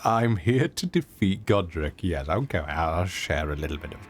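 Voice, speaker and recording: A man's voice: low voice, animated, moderate pace. A man streaming a video game, giving casual, playful, self-mocking commentary as he plays.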